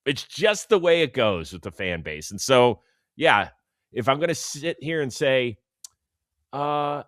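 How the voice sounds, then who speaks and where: A man co-hosting a casual sports talk show, animated and sarcastic, often dropping into mocking quotes. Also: medium pitch, measured pace, no room sound, studio quality. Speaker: co-host.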